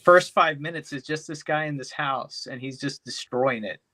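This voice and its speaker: A man's voice: fairly high pitch, moderate pace, bright, forceful tone. A man co-hosting a podcast, recapping a movie plot in a rambling, profane way, packed with "you know.". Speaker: podcast co-host. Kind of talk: casual chat, movie recap.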